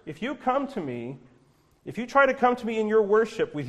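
Male pastor, slightly high voice, passionate pulpit preaching that builds to forceful peaks. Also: very animated, normal speed. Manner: impassioned preaching, rising to forceful declarations. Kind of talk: sermon. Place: church sanctuary, from the pulpit.

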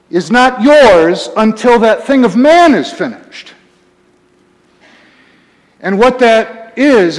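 A man preaching a sermon as pastor, emphatic, swinging between quiet and raised passages. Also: high-pitched, long reverb tail.

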